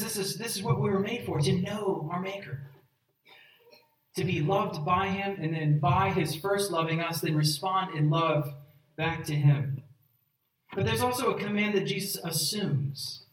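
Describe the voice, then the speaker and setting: An earnest pastor preaching with emphatic pleading and a rather high voice for a man. He is recorded from a distance in a roomy, echoing space, so the sound is reflective rather than close. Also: slight background noise. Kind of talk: sermon. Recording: echoey room, voice from far off.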